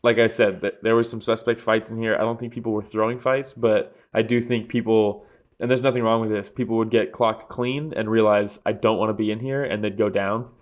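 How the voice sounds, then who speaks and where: A man co-hosting a casual sports podcast, telling stories in an animated way, laughing often and swearing freely. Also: lowish voice, brisk. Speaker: podcast co-host.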